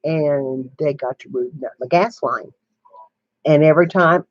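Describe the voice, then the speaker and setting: A woman's voice: low-pitched, measured pace, dry recording. Chatty older woman, muffled lo-fi sound. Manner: chatty storyteller who greets viewers mid-story and laughs a lot. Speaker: channel host. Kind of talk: casual livestream chat. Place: home room with sewing setup.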